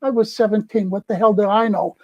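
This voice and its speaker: A man's voice: high voice, brisk, no echo. Older man telling a story, dull dry sound. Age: 70s. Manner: animated, acts out quoted people. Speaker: festival crew member. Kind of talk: casual storytelling.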